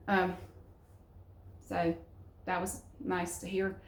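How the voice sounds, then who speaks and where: A woman's voice: mid-range voice, normal speed. Rambling middle-aged Southern woman vlogging. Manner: rambling, frank, salty language. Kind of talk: casual chat to camera. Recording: roomy echo.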